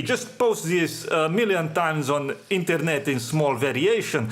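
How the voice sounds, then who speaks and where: A man hosting a solo podcast, talking in a dry, sardonic tone. His voice sits a bit high for a man, and his English is non-native, often leaving out articles. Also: expressive, unhurried, hardly any pauses. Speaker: podcast host. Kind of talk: monologue podcast.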